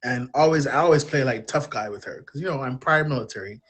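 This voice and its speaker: A man in his thirties speaks candidly as a podcast guest, telling personal stories in an open, self-deprecating way. He rambles from thought to thought with a relaxed drawl, talking fast at an everyday middle pitch.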